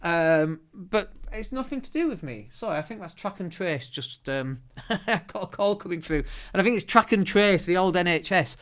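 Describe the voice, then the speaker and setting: Chatty British man with a smooth voice. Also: high-pitched, normal speed. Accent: British English. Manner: chatty, lively, often restarts words. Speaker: podcast host. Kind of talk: solo podcast monologue. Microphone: studio microphone.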